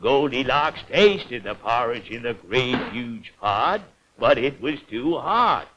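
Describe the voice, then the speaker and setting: A man's voice: mid-range voice, lively intonation, slow. A man narrating a fairy tale in an old cartoon, in a lilting storyteller manner. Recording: dull old cartoon soundtrack with faint hiss.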